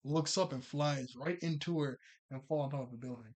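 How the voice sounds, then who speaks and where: A man casually recapping a cartoon episode, rambling and chatty, full of filler words and quick self-corrections. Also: mid-range voice, a little mellow.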